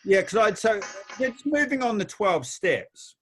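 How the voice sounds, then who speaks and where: A man's voice: high voice, very animated, measured pace, a bit bright, soft background music. A man hosting a casual talk, rambling with many restarts and telling anecdotes. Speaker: host. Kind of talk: casual chat.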